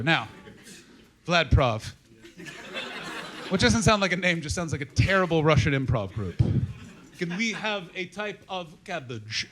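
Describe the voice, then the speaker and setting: A stand-up comic with a high, lively voice riffs brashly on the audience, peppering his teasing with profanity. He is recorded live on a club stage through a handheld mic, with the room's laughter audible behind him. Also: background noise. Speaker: stand-up comedian. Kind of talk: stand-up crowd work.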